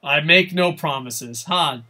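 Bright-voiced excitable male game streamer. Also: fairly high pitch, takes it slowly. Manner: profane, excitable, chatting with viewers. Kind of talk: live gameplay commentary.

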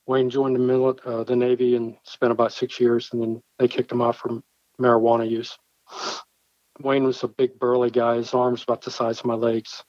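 A man's voice: medium pitch, dry recording. A man, a church pastor and former Marine, telling a personal story in an interview, vividly acting out the dialogue he quotes. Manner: earnest, vivid storyteller who acts out his own quoted dialogue. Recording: dull, slightly lo-fi dry recording.

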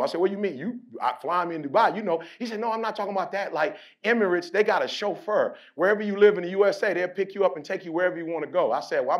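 A motivational speaker giving a fiery talk to a team, telling stories in casual slang and leading call-and-response with shouts and repeated phrases. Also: male voice, sits high. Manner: storytelling in casual slang, acts out dialogue.

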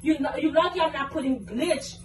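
A young woman vlogger arguing in anger, cursing and repeating herself, at times breaking into shouts. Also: high voice, moderate pace, over music. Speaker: vlogger, girlfriend in a prank video. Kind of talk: heated casual argument. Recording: echoey room, mic at a distance, faint noise.

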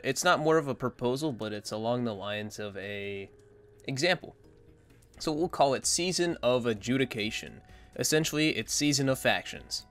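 A man's voice: medium pitch, a bit bright. A man giving casual, rambling opinion commentary as a gaming content creator, blunt and dismissive.

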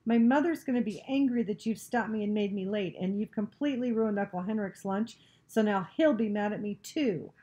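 A young girl bluffing her way past soldiers, chattering and answering back with insolent defiance, as a woman reads her aloud. She sounds higher than the reader's own low, mellow register, a storybook voice with a warm, soft tone. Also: big pitch swings, moderate pace. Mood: tearful. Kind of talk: storybook reading.

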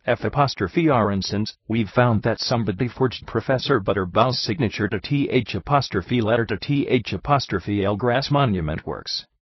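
A man voicing a gruff Irish police sergeant who talks in a folksy, drawling way and drops his g's, on a dull, dry recording. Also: lowish voice, moderate pace, hardly any pauses, dry recording. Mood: deferential.

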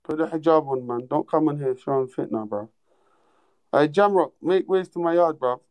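A young man hosting a livestream, his voice sitting a little higher than most men's. He chats bluntly with callers and teases them in heavy street slang. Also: moderate pace, darkish tone. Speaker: livestream host. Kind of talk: casual livestream chat with callers.

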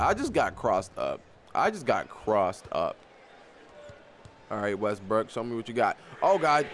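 Excitable young man narrating his game. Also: mid-range voice, slight background noise. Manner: excitable, talks to players on screen, repeats himself. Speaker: gaming YouTuber. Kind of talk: live gameplay commentary.

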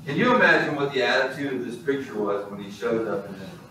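A male pastor preaching a sermon in a church, animated and storytelling. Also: medium pitch, fast talker, slight background noise. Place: church sanctuary. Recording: echoey hall, distant mic.

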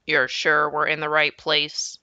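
A woman's voice: sits low, completely flat delivery, measured pace, bright, forceful tone, clean tone, no echo, dull audio, heavily acted. A woman voicing a grumpy, stubborn middle-aged father in a children's book read aloud, speaking stern and clipped.

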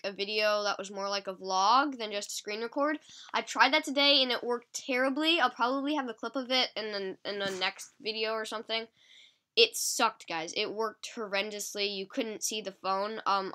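A woman with a stuffy, sniffly nose giving casual, excitable gameplay commentary to her viewers. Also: mid-range voice, clean tone. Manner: chatty, excitable, talking to viewers. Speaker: mobile game channel host.

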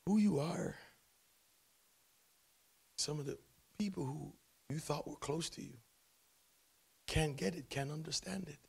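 A man preaching a sermon in church, swinging from hushed tones to loud shouting. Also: fairly high pitch, creaky, husky. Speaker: pastor.

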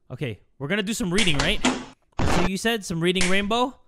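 A man giving excitable let's-play commentary, shouting and swearing at the game. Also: high voice, normal speed, long pauses, noisy background. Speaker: gaming YouTuber.

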